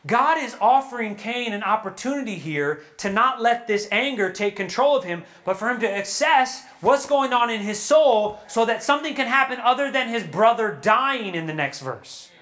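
A man preaching at a young adult retreat, earnest and animated, acting out prayers and quotes before a live audience. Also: extremely high pitch. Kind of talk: sermon.

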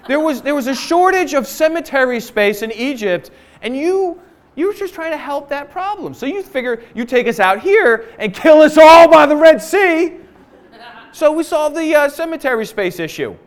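A man's voice: very high-pitched, wildly swooping pitch, takes it slowly, a little mellow, voice pushed up, heavily acted. A man putting on whiny sarcastic complainers. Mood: sarcastic whining. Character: whiny complaining crowd of ancient Israelites.

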